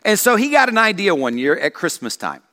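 A male senior pastor preaching a sermon, telling stories in an animated way. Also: sits high, fairly quick. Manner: animated storytelling with acted voices. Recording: long reverb of a church hall.

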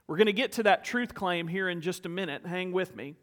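Pastor, male, fairly high voice, earnest storytelling sermon in an echoing sanctuary. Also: brisk, a bit bright. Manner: storytelling, earnest, rhetorical questions. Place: church sanctuary.

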